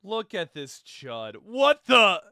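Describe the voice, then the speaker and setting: Bright crisp rambling streamer man. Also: high-pitched, huge pitch swings, takes it slowly, dry recording, clean studio sound. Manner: rambling, joking, self-mocking. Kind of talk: casual live-stream reaction.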